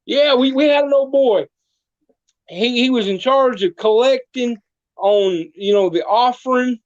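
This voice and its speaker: A very high-pitched man speaks unhurriedly in a lo-fi, echo-free recording. He plays a small-town mayor spinning comic tall tales in a podcast interview, folksy in manner and doing voices for the characters in his stories.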